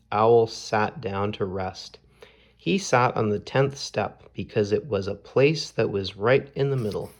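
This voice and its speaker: A man reading a children's storybook aloud in a slow, measured storytelling manner. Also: fairly low pitch. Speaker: storybook reader.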